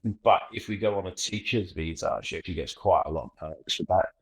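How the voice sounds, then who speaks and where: Essex English male co-host, very low voice, relaxed and laughing. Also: fast talker, poor audio. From England. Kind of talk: casual chat.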